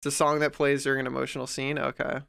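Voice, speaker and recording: A man's voice: mid-range voice, little pitch movement, fast, gravelly, sharp tone, clean tone, no echo. A man streamer chatting casually while he draws, rambling and heartfelt, full of fillers and restarts, close to the mic at home. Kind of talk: casual livestream chat while drawing.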